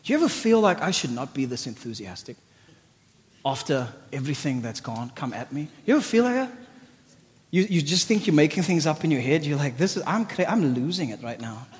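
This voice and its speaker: A man preaching an energetic sermon. He swings from shouted exclamations to low, intimate asides. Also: brisk, in a large hall.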